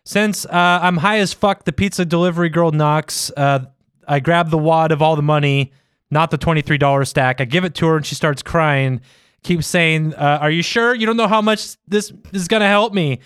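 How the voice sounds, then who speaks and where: Crisp, profane man reading stories aloud. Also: on the high side, fairly bright tone, no echo, clean studio sound. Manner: profane, laughing, hams up read-out stories. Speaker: podcast co-host reading listener stories. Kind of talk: casual comedic chat.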